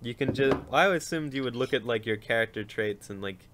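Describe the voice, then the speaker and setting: Patient game master narrating. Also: male voice, mid-range voice, fairly quick, noisy background. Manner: patient, explaining rules.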